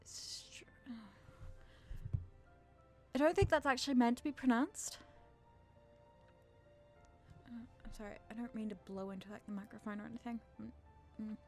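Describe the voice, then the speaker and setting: A woman's voice: on the high side, fast, darkish tone. Host, woman, 30s, Australian-born with an English-sounding lilt, nervous and self-deprecating, faint music under her voice. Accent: English-sounding, from a British father. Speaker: channel host. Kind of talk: nervous Q&A chat to camera.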